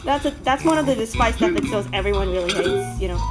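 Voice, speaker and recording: A woman's voice: a little high, sing-song, quick pace, loud music behind the voice. A woman reacting to a cartoon in casual, indignant commentary, swearing often and filling with "like" and "you know". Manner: indignant, swears a lot, many fillers. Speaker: reaction video host.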